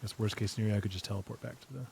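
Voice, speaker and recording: A man's voice: on the low side, fairly even intonation, very fast, gravelly, darkish tone, a little hiss or hum. A man streaming a video game, chatting casually and playfully talking to the creatures in it. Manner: playful, talks to the game creatures and reads chat. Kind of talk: casual gameplay commentary.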